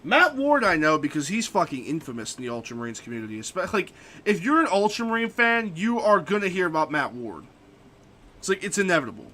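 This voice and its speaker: A young male streamer rants profanely in casual chat. His voice sits high and bright, and its pitch swings all over as he vents his opinions. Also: very animated, a little fast. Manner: profane, ranting.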